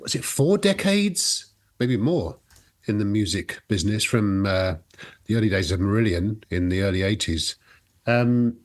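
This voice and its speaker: A man co-hosting a rock music podcast in a casual chat, lively and quick to rise in pitch when asking questions. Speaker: podcast co-host.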